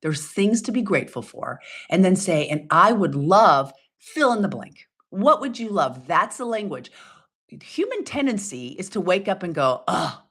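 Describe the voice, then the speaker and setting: A woman's voice: fairly low pitch, sing-song, normal speed, a bit bright, breathy edge. A woman leading a self-help challenge as its coach, talking in an upbeat, emphatic way, acting out what people say and laughing often. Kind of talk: motivational coaching talk.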